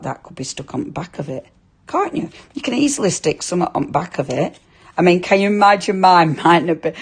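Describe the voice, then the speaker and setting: A Lancashire woman with a fairly low, slightly rough voice runs a live craft demo. She's chatty with viewers and keeps using tag questions, her Lancashire English accent clear throughout.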